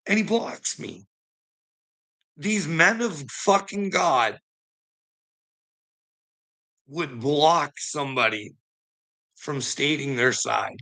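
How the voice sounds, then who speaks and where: A man's voice: fairly high pitch, animated, very slow, gravelly, pauses often, sharp tone, low-quality recording. A man ranting bluntly and indignantly in a casual monologue, swearing heavily as he talks to his viewers. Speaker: vlogger.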